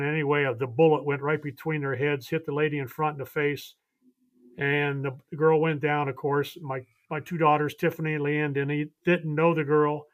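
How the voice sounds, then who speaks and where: An older man, a veteran baseball coach, telling earnest and heartfelt personal stories as a podcast guest. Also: a little high. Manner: earnest, heartfelt storytelling with frequent restarts. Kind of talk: podcast storytelling.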